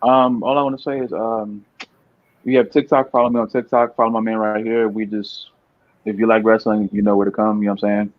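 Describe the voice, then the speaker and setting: A man's voice: on the low side, flat delivery, fairly quick, no echo. A young man talking as a podcast guest in casual chat, rambling and repeating words, laughing often. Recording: dull, muffled dry sound.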